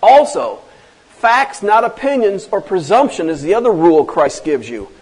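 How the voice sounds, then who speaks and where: Emphatic male pastor, high-pitched, rhetorical sermon delivery. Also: big pitch swings, moderate pace, darkish tone, husky, low-quality recording. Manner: emphatic preaching, many rhetorical questions.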